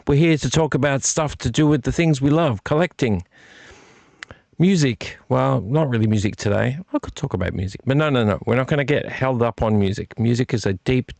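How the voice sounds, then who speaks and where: Male vlog host, casual and goofy, repeats lines for fun; gravelly, dry close mic. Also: lowish voice, darkish tone, dry recording. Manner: playful, repeats phrases, silly wordplay. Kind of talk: casual rambling chat to camera. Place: home room with fire on a TV and a heater. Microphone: desk microphone.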